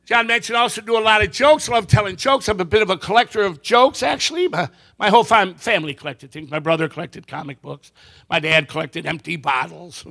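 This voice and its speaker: A man doing a stand-up comedy routine before a live audience, telling jokes and slipping into quick character voices. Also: high voice, gravelly, bright, forceful tone. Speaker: comedian and magician.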